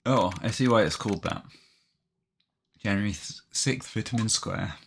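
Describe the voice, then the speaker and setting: Low gravelly-voiced man streaming a game. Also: normal speed, a bit bright, slight background noise. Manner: wry, reading dialogue aloud. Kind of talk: casual game playthrough commentary.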